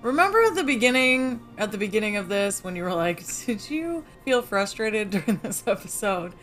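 A woman's voice: mid-range voice, moderate pace, faint music behind. A woman co-hosting a casual podcast, telling stories about a TV episode with playful mock outrage. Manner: expressive, mock-outraged storytelling. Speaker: podcast co-host. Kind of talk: casual chat recapping a TV episode.

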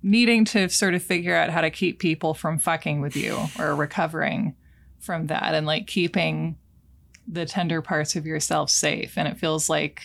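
A woman's voice: low-pitched, steady tone, normal speed, creaky. A woman co-hosting a podcast conversation. She speaks in a thoughtful, wry way.

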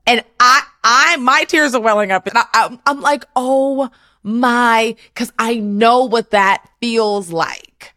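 A woman's voice: a little high, a little slow, hardly any pauses, sharp tone, dry recording. A woman hosting a heartfelt conversation, talking in an earnest, emotional way with many restarts. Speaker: host. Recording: dry close mic.

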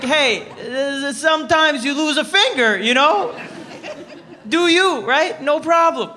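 A man from Canada performs a stand-up routine for a live crowd, playing out every exchange in his stories. His voice sits high for a man, with a bright, sharp edge. He tells each story with plenty of life and energy. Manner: animated storytelling, acting out dialogue. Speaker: stand-up comedian. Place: comedy venue with a live audience.

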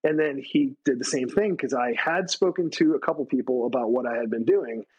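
A man, a retired Army staff sergeant from the United States, telling stories as a podcast guest, animated, acting out quoted people with a raised voice. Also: brisk, husky, muffled recording. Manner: animated storytelling, acts out quotes with raised pitch. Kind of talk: casual storytelling interview.

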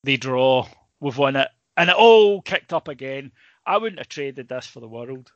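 A man's voice: medium pitch, expressive, moderate pace, no room sound, lo-fi sound. Man, Scottish accent, journalist guest, emotional storytelling, dry close sound. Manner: emotional, rambling storyteller with many restarts. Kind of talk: casual storytelling chat.

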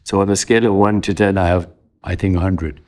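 A man in his seventies, a guest in an interview, calmly explaining his practices and listing ideas one by one in a measured way. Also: low voice. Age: 70s. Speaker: interview guest, wellness author. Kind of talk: calm interview answers.

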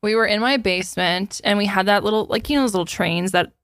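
A woman in her twenties co-hosting a casual podcast, chatty and quick to laugh, swearing now and then. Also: medium pitch, fairly bright tone, no room sound, studio quality. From New England, United States. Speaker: podcast co-host. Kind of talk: casual chat.

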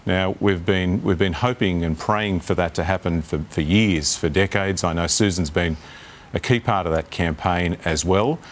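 Deep-voiced Australian male politician, earnest, repeats himself under pressure; faint noise behind. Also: normal speed. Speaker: politician guest. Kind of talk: live TV panel debate.

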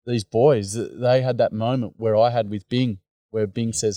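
In a dry recording, a medium-pitched man speaks at normal speed with a steady, warm tone. He has an Australian accent and is a teacher and mentor, guesting on a podcast and telling stories in a casual, blokey style packed with fillers and "mate."

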